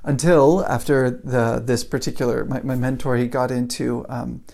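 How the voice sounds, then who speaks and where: A man's voice: mid-range voice, steady tone, normal speed, creaky, a little mellow. A man giving a casual motivational talk, telling a story and building it up with repeated phrases. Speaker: motivational speaker.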